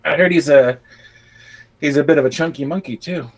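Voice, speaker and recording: A podcast co-host with a fairly high voice speaks a little quickly. His talk is loose and casual, packed with fillers, crude humor and regular laughter.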